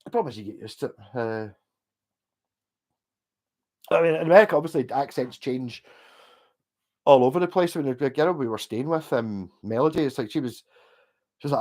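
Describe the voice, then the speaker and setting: A man's voice: mid-range voice, expressive, moderate pace, long pauses, a little mellow. A Scottish man hosting a livestream, chatting casually and answering viewer comments in a rambling, sweary way full of restarts. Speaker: livestream host.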